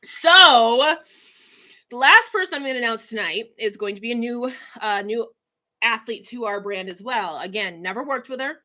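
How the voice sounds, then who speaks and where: A woman's voice: fairly high pitch, lively intonation, brisk, bright, forceful tone. A woman hosting a casual livestream announcement, emotional and laughing as she chokes up reading comments. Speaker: livestream host, coach.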